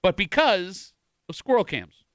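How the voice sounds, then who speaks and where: A man hosting a radio show, telling stories in a lively, joking way. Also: high voice, a little slow, dry recording. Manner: animated, jokey storytelling. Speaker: radio host. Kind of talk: morning radio banter. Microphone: studio microphone.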